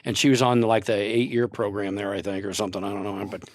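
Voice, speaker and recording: A man's voice: fairly low pitch, level tone, fast, no room sound. Older guy rambling thru travel stories, laughs a lot, dry close sound. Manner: rambling storyteller, laughs often. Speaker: podcast guest. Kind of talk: casual chat.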